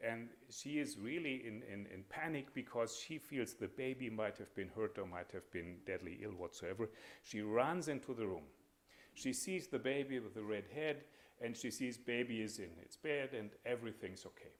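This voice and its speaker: A man giving an academic lecture as a panel speaker, measured and hesitant, with frequent pauses and fillers. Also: mid-range voice, lively intonation.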